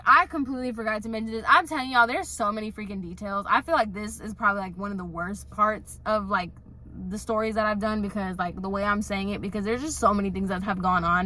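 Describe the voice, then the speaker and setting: A woman's voice: medium pitch, pushed and bright. A young woman who works at a salon, telling a story to camera in an exasperated, chatty way full of "like". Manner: chatty, exasperated, heavy use of filler "like". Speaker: salon worker. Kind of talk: casual storytime vlog.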